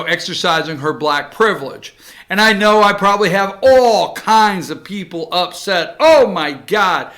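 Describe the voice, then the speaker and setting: A man's voice: sits high, pushed and bright. A male talk show host giving emphatic, opinionated commentary and cueing his producer between clips. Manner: ranting, emphatic, cues the producer.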